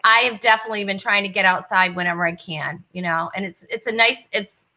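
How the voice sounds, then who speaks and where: A woman's voice: medium pitch, a little fast, pushed and bright, rough recording. A woman from New England hosting a casual online talk show, chatty, with frequent laughs and fillers over a video call. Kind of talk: casual chat.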